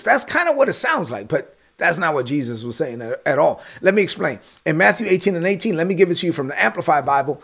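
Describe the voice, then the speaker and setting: A man preaching a sermon, teaching with emphasis, repeating words and building to shouted peaks. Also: fairly high pitch, sing-song, fast talker, vocal fry, few pauses. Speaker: pastor.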